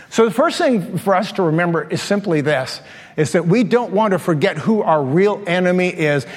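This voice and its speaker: Animated older pastor telling stories. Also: male voice, on the high side. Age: 60s. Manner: animated storyteller, laughs at his own stories, acts out taunts. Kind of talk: sermon with personal storytelling. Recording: long reverb of a large hall.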